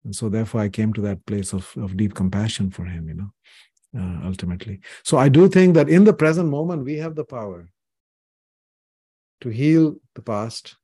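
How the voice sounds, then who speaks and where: Older guy from india, low husky voice, earnest and reflective, lots of "you know". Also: animated, normal speed, mellow, dry recording, clean studio sound. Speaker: podcast guest, author. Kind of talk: reflective interview conversation.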